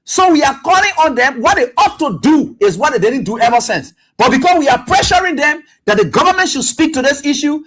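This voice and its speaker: A man with a Liberian English accent hosting live talk radio, scolding and animated, stumbling over fillers as he reads a statement aloud. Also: very high voice, a little fast, few pauses. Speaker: radio talk show host.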